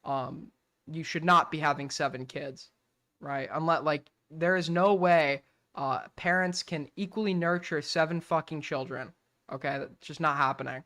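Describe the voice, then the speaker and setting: A man's voice: on the high side, steady tone, moderate pace, bright, forceful tone. A young adult man hosting a casual reaction stream, talking bluntly and swearing freely as he gives his opinions. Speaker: streamer host.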